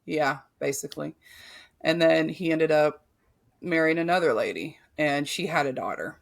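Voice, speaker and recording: Her voice is low with vocal fry, moving at a moderate pace. This woman in her thirties hosts a podcast and candidly recounts her life, swearing freely and constantly restarting sentences amid plenty of fillers.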